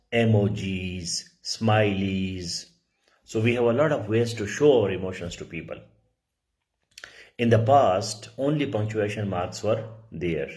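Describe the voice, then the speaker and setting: Slow, low-voiced male teacher. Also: darkish tone. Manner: slow, repetitive explaining with frequent throat clearing; restates key words for emphasis. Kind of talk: lecture on writing.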